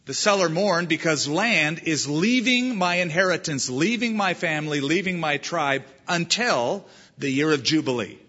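A man's voice: a little high, expressive, normal speed, sharp tone. A man pastor preaching an emphatic verse-by-verse sermon, weaving in a story, on a dull lo-fi sermon recording. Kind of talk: expository sermon.

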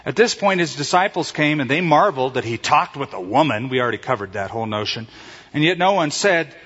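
Animated male pastor in a reverberant hall. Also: medium pitch, a little fast, breathy edge. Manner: animated storytelling, acting out quoted voices. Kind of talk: sermon. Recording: reverberant hall, dull lo-fi sound.

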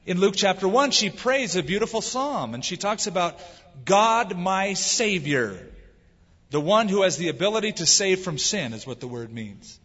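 A man's voice: high voice, big pitch swings, moderate pace, fairly bright tone, husky. A man preaching a sermon as a pastor, stretching out the words he stresses. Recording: dull lo-fi with long hall reverb.

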